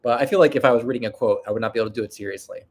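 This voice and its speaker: Talking rapid-fire in a mid-range, slightly mellow voice, a nasal-sounding man runs a laid-back livestream. He rambles through viewer questions, pokes fun at himself, keeps restarting his sentences, and laughs often.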